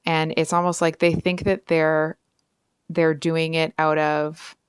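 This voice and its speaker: A woman's voice: deep voice, level tone, slow pace, smooth, no echo, studio quality. A woman giving a casual, frank tarot reading straight to her viewers, chatty and full of asides. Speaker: tarot reader.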